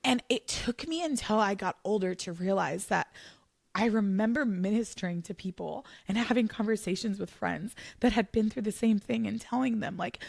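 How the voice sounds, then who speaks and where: Woman, young adult, gravelly fry, mid pitch, earnest, emotional, candid faith podcast talk. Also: a little mellow. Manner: earnest, emotional, quick bursts of affirmation. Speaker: podcast co-host.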